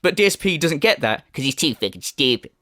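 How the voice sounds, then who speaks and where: A man's voice: a little high, lively intonation, fairly quick, bright, forceful tone, no room sound, clean studio sound. A man delivering a profane, mocking commentary rant, often mimicking others in sneering voices. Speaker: commentary YouTuber. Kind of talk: ranting commentary.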